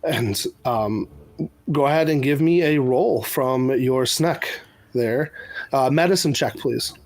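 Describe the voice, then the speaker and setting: A man's voice: medium pitch, slow pace, darkish tone. A man running a tabletop game as game master, describing scenes loosely with fillers.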